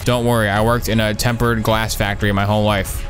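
A man's voice: on the low side, normal speed, soft background music. A man giving sarcastic gameplay commentary, with dry, mocking, jokey asides.

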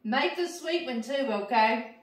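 A woman with a Southern Louisiana accent chats warmly through a home cooking show, gushing and tasting as she goes. Her voice swings widely in pitch. She is picked up from a few steps back in an echoey kitchen. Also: expressive, unhurried. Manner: gushing, affectionate, talks with mouth full. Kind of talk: casual cooking chat. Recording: echoey room, mic at a distance.

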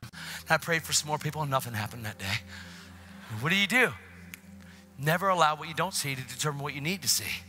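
Speaking fast with a fairly high voice, a man preaches a spirited church sermon. He tells a story by playing both parts of every conversation, now and then erupting in excited shouts.

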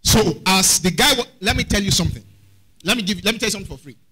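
A man's voice: sits high, expressive, fast, bright, forceful tone, rough recording. A man preaching a sermon as pastor, often asking the congregation questions.

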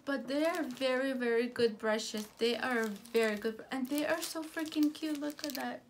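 A woman chatting casually through a beauty product haul, gushing and halting, with frequent restarts. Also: high voice, slight background noise.

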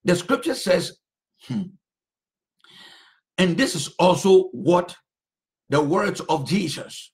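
A man preaching as a pastor, his voice pitched high and ranging widely. He speaks slowly and deliberately, stretching out phrases and repeating them for emphasis. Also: expressive. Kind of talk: sermon.

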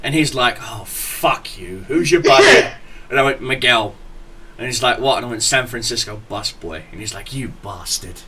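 A man hosting a casual podcast, telling crude work stories with loud laughter and stammering restarts. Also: mid-range voice, lively intonation, moderate pace, noisy background. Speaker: podcast host. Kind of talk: casual chat, storytelling.

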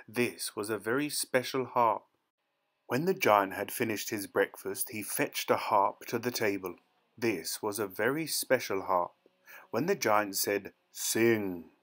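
A man reading a fairy tale aloud in a steady, expressive storytelling manner. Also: fairly low pitch.

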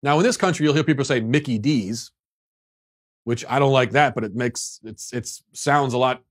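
A man's voice: medium pitch, moderate pace. A man giving opinion commentary in a lecturing, indignant way.

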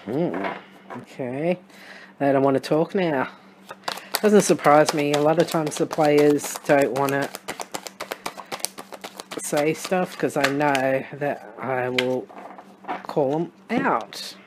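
Speaking slowly at a medium pitch with long pauses, this tarot reader has an Australian accent and a relaxed, musing way of working through the cards, dropping sarcastic, wry comments. The thinking happens out loud, full of fillers and false starts, over some background noise.

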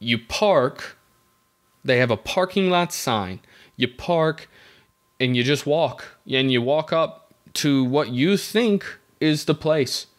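A man's voice: on the high side, expressive, slow pace. A young man hosting a podcast, telling a story in a rambling, wry, self-interrupting way. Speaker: podcast host. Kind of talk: casual comedic storytelling.

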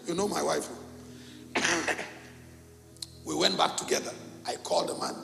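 Man, pastor from cameroon, middle-aged, gravelly, high, bright and lively, echoey hall, soft music behind. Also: moderate pace, long pauses. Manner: animated storytelling, acting out dialogue. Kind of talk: sermon storytelling. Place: church hall.

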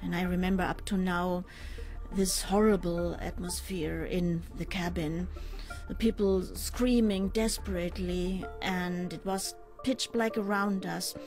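An older woman in an interview, recounting a personal ordeal in a measured, halting way with pauses and fillers. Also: lowish voice, steady tone, a little mellow. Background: faint music.

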